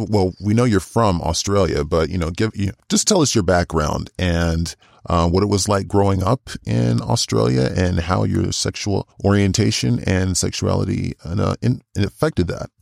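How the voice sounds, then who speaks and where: Gravelly, low-voiced male podcast host. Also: darkish tone, no echo, studio quality. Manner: chatty and gushing, with many fillers. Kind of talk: podcast intro and interview chat.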